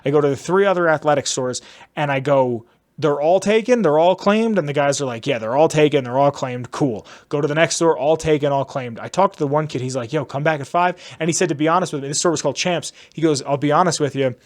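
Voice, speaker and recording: A young man hosting a podcast, telling a long story in a rambling, casual way and acting out the people he quotes. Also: quick pace. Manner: rambling, acts out quotes in lowered voices. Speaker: podcast host.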